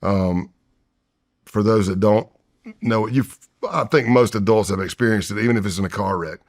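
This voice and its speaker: Gravelly low-voiced guy in his 50s, ex-undercover agent spinning a story, acts out his own voice and whispers. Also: normal speed. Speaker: retired FBI undercover agent, podcast guest. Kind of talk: storytelling in a long-form interview.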